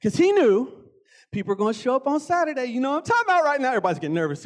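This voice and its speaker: High-voiced, animated male preacher. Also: racing. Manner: animated, conversational, acts out voices. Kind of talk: casual sermon.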